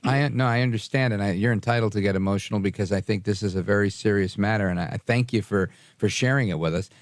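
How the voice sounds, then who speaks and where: A man's voice: on the low side, fast talker, no room sound. A man hosting a call-in radio talk show, earnest and rambling as he answers a caller. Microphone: studio mic.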